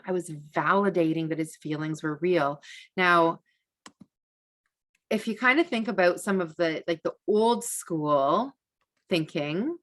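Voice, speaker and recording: A woman teaching a parenting masterclass in a relaxed, conversational way, with frequent fillers and restarts. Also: fairly low pitch. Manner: acts out gentle validating speech to a child. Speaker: parenting educator.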